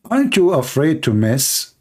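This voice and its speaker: A man hosting a live-streamed call-in debate, talking in a mocking, sarcastic way and laughing at his callers, with halting restarts. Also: fairly high pitch, very animated, dark tone.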